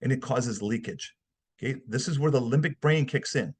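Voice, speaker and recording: Male webinar instructor, husky tone, conversational and emphatic, acts out examples. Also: mid-range voice, normal speed, a little mellow. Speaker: behavioral analysis instructor. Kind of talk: webinar lecture.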